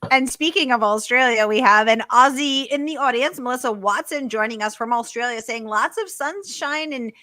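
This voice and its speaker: Bright-voiced woman hosting a live Q&A. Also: fairly high pitch, fairly quick, hardly any pauses, no echo, studio quality. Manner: upbeat, reads out audience comments. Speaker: host of a bookstore author event.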